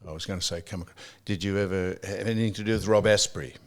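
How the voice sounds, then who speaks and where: An older Australian man hosting a podcast, chatting casually and telling a story with halting restarts. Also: sits low, fairly even intonation. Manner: halting, many restarts and fillers. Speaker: podcast host. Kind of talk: casual chat.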